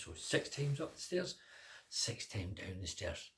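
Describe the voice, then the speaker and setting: An older man telling a children's story aloud, lively, drawing words out and pausing for effect. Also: low voice, creaky, slight background noise.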